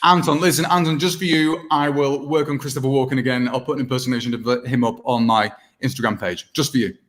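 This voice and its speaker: A man's voice: mid-range voice, fairly even intonation, quick pace, fairly bright tone. A British man in his thirties, a guest impressionist chatting casually with many restarts. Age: 30s. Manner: rambling, self-deprecating, many restarts. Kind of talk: casual video-call chat.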